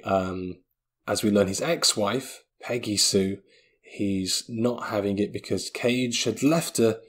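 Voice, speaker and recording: A man hosting a comedic film review podcast, talking in an excitable, rambling way full of comic exaggeration. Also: lowish voice, breathy edge. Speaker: podcast host.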